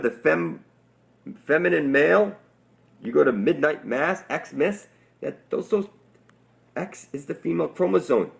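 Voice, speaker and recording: A man's voice: a little high, creaky. A man giving a rambling, intense, preachy monologue to his viewers, swearing often and calling them "people". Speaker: online conspiracy speaker.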